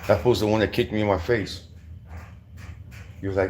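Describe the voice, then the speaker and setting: Speaking at a moderate pace with fairly even intonation, this former prisoner from Southern California, a middle-aged man, recounts prison stories in casual, profane street slang, restarting often. His voice is lowish and darkish, with slight background noise.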